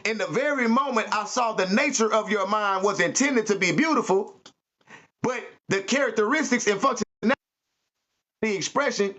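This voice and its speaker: A man with a high, bright, sharp-edged voice delivers a spiritual pep talk with preachy emphasis and plenty of street slang and cursing. The audio is muffled and lo-fi. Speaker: podcast host.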